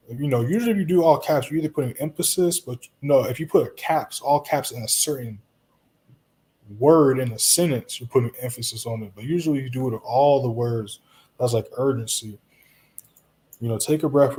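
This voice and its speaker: Dark-voiced man streaming casually. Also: medium pitch. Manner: relaxed, reassuring, talks straight to viewers with frequent "you know" and "right?". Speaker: live trading streamer. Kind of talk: casual live-stream commentary answering chat.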